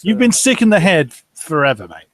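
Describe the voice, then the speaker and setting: Sex: Man. Style: casual podcast banter. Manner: wry and mock-insulting. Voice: fairly high with a very lively pitch. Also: brisk.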